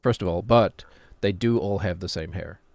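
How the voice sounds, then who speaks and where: A man's voice: low voice, normal speed, darkish tone, no echo. A man in his thirties with a New Zealand accent, streaming and rambling casually in a joking, self-deprecating way. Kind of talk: casual chat while gaming.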